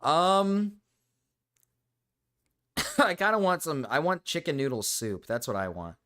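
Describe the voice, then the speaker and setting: A man's voice: on the high side, big pitch swings, takes it slowly, bright, forceful tone. A man streaming live, chatting casually in a rambling, blunt way, full of fillers and swearing. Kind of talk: casual livestream chat.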